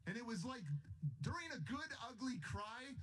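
A man's voice: very high voice, expressive, normal speed, fairly bright tone. A man giving a motivational speech, telling his story in a passionate, emphatic way. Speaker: motivational speaker.

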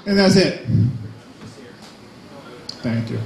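A man's voice: sits high, very animated, slow, long pauses, echoey room, a crowd in the background, poor audio. A young man doing a crude, self-mocking stand-up set at an open mic, full of jumpy asides. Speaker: stand-up comedian. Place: small cafe comedy night.

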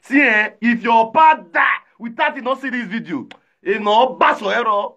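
High, bright Nigerian Pidgin man ranting. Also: normal speed, vocal fry, highs cut off. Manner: taunting, shouting names, greeting viewers. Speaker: livestream host. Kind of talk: livestream rant.

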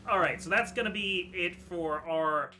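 A man hosting a let's play, commenting in an excitable, jokey, casual way. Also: sits high, moderate pace, background noise. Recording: loud game music underneath.

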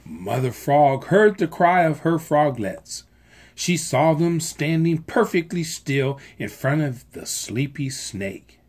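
A volunteer reads a children's picture book aloud, slow and expressive. The voice has a breathy, husky grain. Pitch moves about widely to keep the story lively. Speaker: volunteer reader.

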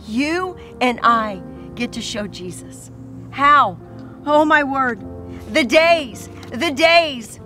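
A woman's voice: sits high, sharp tone. A woman pastor preaching a sermon to mothers, earnest and repetitive as she tells stories.

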